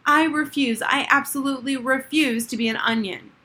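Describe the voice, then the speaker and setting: A woman's voice: medium pitch, lively intonation, moderate pace, bright, forceful tone, breathy edge. Woman narrator as a headstrong girl, emphatic and defiant, storybook read. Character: stubborn, defiant young girl.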